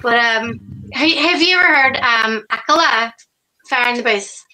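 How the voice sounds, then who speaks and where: A woman co-hosting a live stream, chatting loosely and swearing freely. Her voice is high and bright. She tells stories in a rambling, easy way. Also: low-quality recording. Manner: sweary, chatty, quick to laugh. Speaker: co-host. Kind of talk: casual chat on a live stream.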